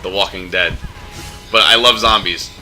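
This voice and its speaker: A man casually chatting while playing through a video game, full of fillers and restarts, reacting loudly to the action. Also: low-pitched, steady tone, normal speed, poor audio. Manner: filler-heavy, restarts often. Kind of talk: casual gameplay commentary chat.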